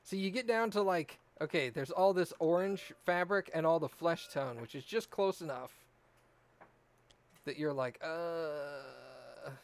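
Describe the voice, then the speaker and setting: A man chatting in a laid-back way with a friend while doing a jigsaw puzzle, quick to laugh. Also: fairly high pitch. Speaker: co-host.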